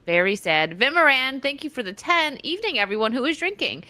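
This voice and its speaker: Woman, livestream host, casual chat, bright tone, dry sound. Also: high-pitched, very animated, brisk, no echo. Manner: reads out viewer donations, chatty and giggly.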